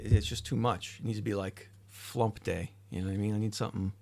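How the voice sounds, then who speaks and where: A man's voice: fairly low pitch, steady tone, brisk, creaky, few pauses, darkish tone. A tired man hosting a livestream, chatting casually with his chat, rambling and swearing now and then. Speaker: livestream host. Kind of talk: casual chat reading live chat.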